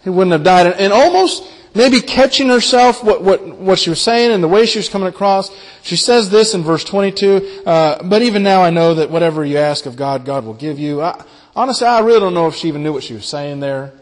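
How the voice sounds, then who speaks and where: A man preaching a sermon in an earnest, halting way, often repeating his words as he explains scripture. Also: high-pitched, long reverb tail, low-quality recording.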